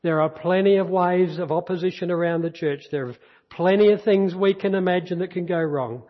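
A man's voice: sits high, brisk. A male pastor preaching a sermon, earnest and repeating key phrases, recorded in a church. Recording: dull echoey church hall recording.

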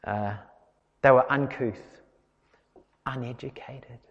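A man preaching a sermon in an expressive, conversational way, chatting with his congregation as he explains the passage. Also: on the high side, slow pace, pauses often, big-room sound, lo-fi sound. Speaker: pastor.

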